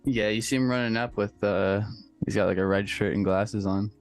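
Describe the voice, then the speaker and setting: A man chatting casually, relaxed and a bit hesitant. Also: on the low side, moderate pace, soft background music. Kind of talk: casual group chat.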